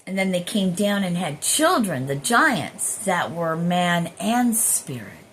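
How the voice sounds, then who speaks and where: A woman with a fairly low voice talks casually at home about spiritual things, rambling and swearing as she goes. A faint hum of room noise sits under her voice. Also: big pitch swings, slow pace, fairly bright tone. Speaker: spiritual healer vlogger. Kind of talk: casual spiritual musing to camera.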